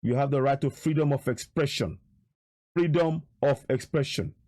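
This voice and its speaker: A man's voice: mid-range voice, normal speed, a little mellow, dry recording, clean studio sound. A man giving emphatic, repetitive, indignant political commentary over video footage.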